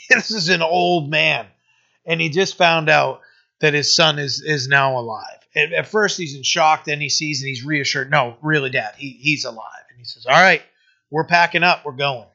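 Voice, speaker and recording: A man preaching a sermon, telling a story in a halting way with many restarts, then growing emphatic. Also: a little high, creaky, sharp tone. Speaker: pastor. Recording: dull lo-fi sermon recording.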